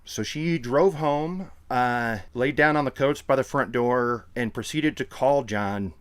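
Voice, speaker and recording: A man co-hosting a podcast, chatting casually and jokily, breaking into quick impressions. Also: mid-range voice, clear, resonant tone. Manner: animated, jokey, does quick impressions. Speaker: podcast co-host. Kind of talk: casual chat.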